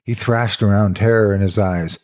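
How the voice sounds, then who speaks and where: A man's voice: fairly low pitch, fairly even intonation, moderate pace, a little mellow. A man narrating a horror story in the first person, with a dramatic, intense delivery.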